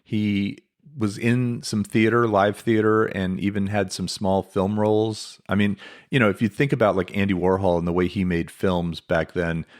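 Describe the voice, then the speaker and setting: A man's voice: lowish voice, little pitch movement, moderate pace, hardly any pauses. A man hosting a podcast, telling a life story in a casual, chatty way with lots of asides. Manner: conversational, many fillers and asides. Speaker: podcast host.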